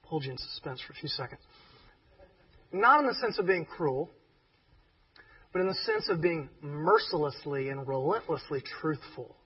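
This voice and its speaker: A man preaching a sermon as pastor, emphatic and animated, with joking asides. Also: on the high side, recorded from a distance, lo-fi sound.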